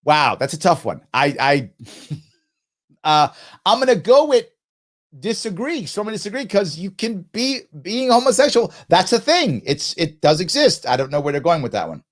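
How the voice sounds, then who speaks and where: A middle-aged man hosts a live stream and talks his way through quiz questions as he goes. His voice sits a bit higher than most men's, and he keeps breaking off to rephrase himself with a chuckle. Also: very animated, normal speed. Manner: musing aloud, frequent self-interruptions and laughs. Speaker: show host.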